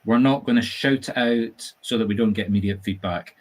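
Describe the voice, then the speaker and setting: A man with a Scottish accent, a medium hosting a casual live-stream chat, talking in a chatty, animated, jokey storytelling way. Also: on the low side, a little fast. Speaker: medium and host. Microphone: video call setup.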